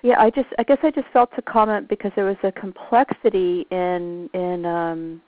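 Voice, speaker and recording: A woman's voice: fairly low pitch, fairly even intonation, moderate pace, no echo. A woman caller sharing a personal insight hesitantly, searching for her words. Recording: dry tinny phone-like line.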